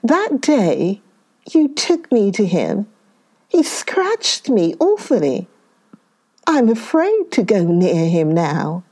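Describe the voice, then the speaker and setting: A woman's voice: medium pitch, big pitch swings, slow pace, mellow, slightly rough, exaggerated voice. A woman voicing a gullible female donkey in a storybook tale, who speaks with simple eagerness. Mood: fearful. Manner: eager, then timid.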